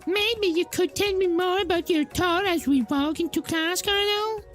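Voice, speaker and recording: A woman's voice: very high-pitched, moderate pace, soft background music, pitched above the performer's own voice. A woman voicing a haughty young woman student chef who talks in a prissy, self-important way.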